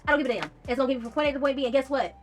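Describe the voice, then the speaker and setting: A young woman tells a personal story straight to her viewers in a casual storytime vlog, blunt and profane, quoting her own text messages. Her voice sits a little high and races along, with faint music underneath.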